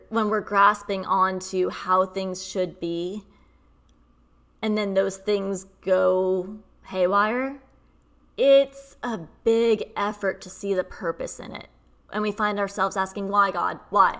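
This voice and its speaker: Young woman, healing-coach vlogger; mid-pitched, creaky edge, conversational with fillers. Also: a bit bright. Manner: chatty, lots of fillers. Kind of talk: casual spiritual teaching to camera.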